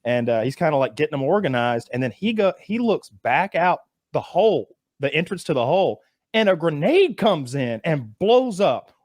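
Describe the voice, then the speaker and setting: A man's voice: fairly high pitch, very animated, normal speed, a little mellow, dry recording, studio quality. A man on a casual podcast, telling a story with acted-out quotes and a lot of swearing. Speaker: podcast co-host.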